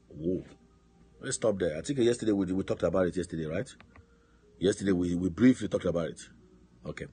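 A man preaching with fervor, his voice deeply husky and raspy. He leans on phrases and throws questions back to his listeners, the way a pastor drives home a point. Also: a little fast, pauses often, warm tone. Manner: emphatic preaching with call-and-response questions. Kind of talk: sermon on a prayer line. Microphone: phone line.

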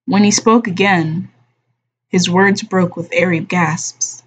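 A woman streamer reading a novel aloud at a slow, measured pace, softly giving voice to the dialogue. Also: lowish voice, fairly even intonation, slightly rough. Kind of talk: unhurried audiobook-style reading. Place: home streaming room. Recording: dull lo-fi stream audio.

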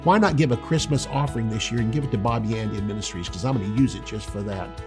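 An older man, a pastor, teaching a sermon with a husky voice and emphatic, drawn-out stresses on key words. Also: fairly low pitch, music in the background.

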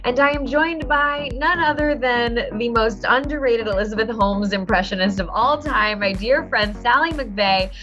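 Playful woman in her 30s hosting a podcast, kinda high voice, muffled audio. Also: moderate pace, few pauses, music in the background. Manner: bubbly, playful, self-mocking. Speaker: podcast host. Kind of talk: casual chat. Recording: dull lo-fi sound.

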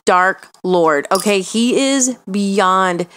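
A woman co-hosting a podcast, talking politics in a casual chat and making her points slowly and deliberately, with some hesitations. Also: mid-range voice, fairly bright tone, slight background noise. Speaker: podcast co-host.

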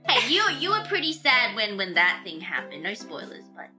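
A woman with an Australian accent in casual chat, animated and laughing often, mimicking other voices. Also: medium pitch, moderate pace. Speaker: streamer. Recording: music behind the voices.

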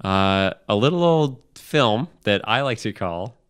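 Podcast cohost guy, lowish smooth voice, playful banter. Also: animated, unhurried, fairly bright tone. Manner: playful, easily amused. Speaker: podcast co-host. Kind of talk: casual comedic chat.

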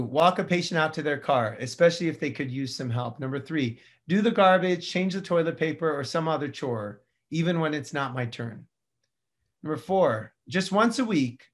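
A middle-aged male dentist giving a casual, animated lecture, swinging between loud bursts and quiet asides. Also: fairly high pitch. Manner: casual slang and mild swearing. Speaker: dentist teaching a practice management course. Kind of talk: recorded continuing-education lecture.

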